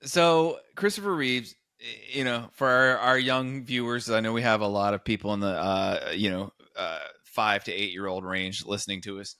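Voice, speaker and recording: Brief: male podcast host, animated storyteller, bright tone, dry close sound. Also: lowish voice, normal speed, few pauses, clear, resonant tone, no echo. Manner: animated storyteller, acts out quotes. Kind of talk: casual chat, storytelling.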